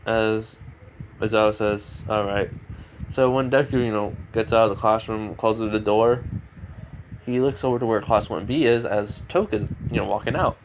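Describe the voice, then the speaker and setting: A man's voice: on the low side, steady tone, moderate pace, dull audio, slight background noise. A man casually retelling a fan story, rambling with lots of fillers.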